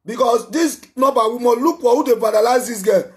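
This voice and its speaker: A man with a Nigerian Pidgin English accent hosting a live call-in show, loud, scolding and repetitive. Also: very high voice, a little fast. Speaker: talk show host taking calls.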